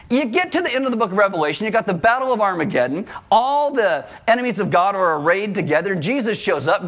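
A male pastor preaching a sermon in an animated way, with joking asides and acted-out quotes. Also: sits high.

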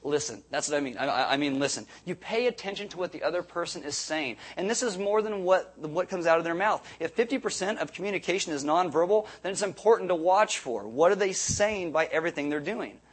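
Husky-voiced man preaching casually. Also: high voice, expressive, fairly quick, hardly any pauses. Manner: conversational, self-repeating, jokey asides. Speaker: pastor. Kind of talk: sermon.

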